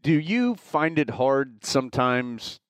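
A man hosting a show, putting slow, carefully worded interview questions to a guest. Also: medium pitch, big pitch swings, clear, resonant tone, no echo. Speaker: show host.

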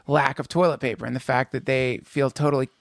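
A man co-hosting a podcast in casual chat, telling stories with jokey, animated riffs. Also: mid-range voice, a little fast, creaky, no room sound, studio quality. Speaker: podcast co-host.

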